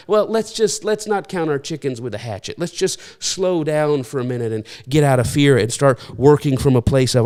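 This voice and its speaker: A male pastor with a voice pitched a touch high delivers an earnest spoken teaching. He speaks straight to his listeners, urging and exhorting them, and often stumbles, restarts and repeats words as he reaches for the next point. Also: moderate pace, hardly any pauses, a little mellow, clean tone. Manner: preachy, exhorting listeners directly.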